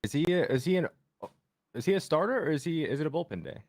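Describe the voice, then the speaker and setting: A man's voice: fairly high pitch, sing-song, fast talker, darkish tone, no room sound, clean studio sound. A man hosting a sports betting livestream, chatting loosely and joking with his co-host and chat.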